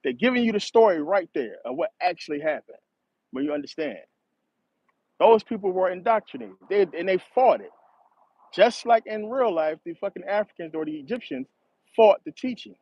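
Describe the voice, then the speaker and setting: A man's voice: high voice, very animated, normal speed, husky, no room sound. A man hosting a casual monologue, rambling, cursing a lot and laughing often. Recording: dull, slightly lo-fi dry recording.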